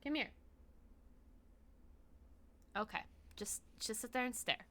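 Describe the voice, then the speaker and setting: A woman streaming from home, chatting casually while she plays a game, excitable, laughing often and swearing freely. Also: fairly high pitch, slow, no room sound. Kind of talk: casual live-stream chat while gaming.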